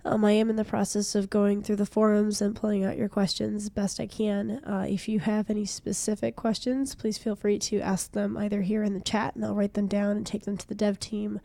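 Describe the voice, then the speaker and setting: A woman's voice: medium pitch, little pitch movement, fairly quick, few pauses, warm tone, dry recording. Congested young woman streaming a game. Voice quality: hoarse, stuffy voice. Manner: chatty, self-deprecating, laughs often. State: congested from a cold. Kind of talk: casual game streaming chat. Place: small streaming room.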